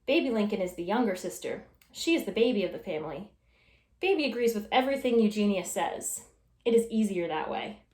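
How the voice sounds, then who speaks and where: Expressive woman reading a storybook. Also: medium pitch, fairly quick. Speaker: storytime reader. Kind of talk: reading a children's book aloud. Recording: echoey room.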